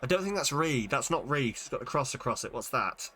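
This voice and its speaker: Man, bright voice, casual streamer chat, thinks aloud, lots of ums and restarts. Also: medium pitch, animated, brisk, husky. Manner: thinks aloud, sounding out words with many fillers. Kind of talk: casual live-stream chat while reading Japanese.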